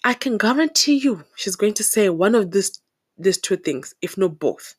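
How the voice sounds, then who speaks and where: A young woman from Zimbabwe talking to the camera in a casual, opinionated monologue, animated and exasperated, laughing often. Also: mid-range voice, normal speed, husky. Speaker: vlogger.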